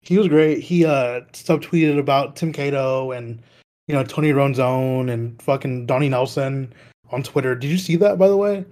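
A man's voice: mid-range voice, moderate pace, darkish tone. A man hosting a casual podcast chat, laughing often and rambling with lots of fillers. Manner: laughs often, heavy with "like" and "you know" fillers. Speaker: podcast host.

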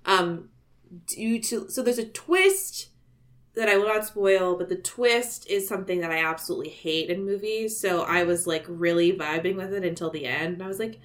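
A woman's voice: lowish voice, normal speed. A woman in her thirties from Maryland with a Baltimore accent, co-hosting a podcast in casual, rambling chat full of restarts and fillers. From Maryland, USA. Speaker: podcast co-host.

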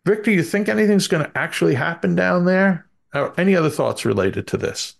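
Man, Bronx accent, podcast cohost, gravelly, halting with fillers. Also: sits high, lively intonation. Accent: Bronx, New York. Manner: hesitant, many fillers. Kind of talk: casual podcast chat with ad read.

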